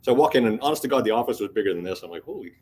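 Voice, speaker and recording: Man telling a lively conference story. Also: lowish voice, rapid-fire, slight background noise. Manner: casual, animated storytelling with acted-out quotes and swearing. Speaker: conference speaker. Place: conference hall.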